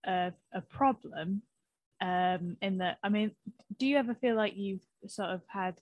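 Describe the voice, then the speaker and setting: A woman comedian from the north of England in casual chat, hesitant and halting. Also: mid-range voice, a little mellow, no echo. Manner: hesitant, many fillers and restarts.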